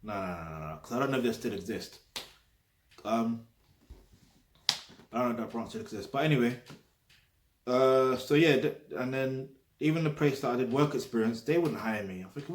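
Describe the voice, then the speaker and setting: A man's voice: medium pitch, normal speed, pauses often, slight background noise. A man with a London accent talking straight to camera in a blunt, emphatic way, with frequent tag questions and swearing. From London, England. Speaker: vlogger. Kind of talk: casual direct-to-camera talk. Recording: roomy echo.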